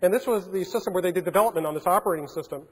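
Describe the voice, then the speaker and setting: High-voiced man telling stories in a reverberant hall. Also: racing, breathy edge. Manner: animated, acts out phone calls in changed voices, frequent restarts. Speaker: keynote speaker. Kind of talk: storytelling keynote talk. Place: large conference hall.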